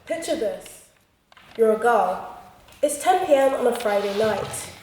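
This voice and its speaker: A woman's voice: fairly high pitch, animated, unhurried, a little mellow, slight background noise. A young woman giving a humorous debate speech with punchy, theatrical comic delivery. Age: young adult. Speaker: student debater. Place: debating chamber. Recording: echoey hall from far off.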